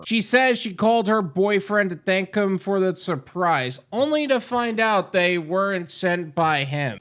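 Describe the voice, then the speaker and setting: A man's voice: high-pitched, fairly bright tone. A man hosting a casual commentary video, chatting and thinking aloud as he asks viewers for their opinions. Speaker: host commenting on delivery driving.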